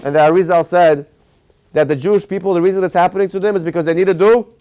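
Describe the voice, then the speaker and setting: A rabbi tells a lively story in a Torah class, speaking quickly in a high voice. He stops now and then to put questions to his listeners, then carries on. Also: clean tone. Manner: animated storyteller who quizzes his audience.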